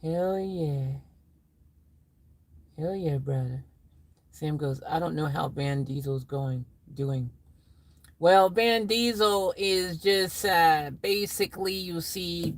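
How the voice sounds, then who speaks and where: A woman chatting on a live stream, unhurried and drawn out. She reads viewers' messages aloud with a playful, teasing manner. The sound is dry and close, with no room around it. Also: lowish voice, no room sound, low-quality recording. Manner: playful, drawls, puts on silly voices and sound effects. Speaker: livestreamer. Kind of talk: casual live-stream chat reading viewer comments.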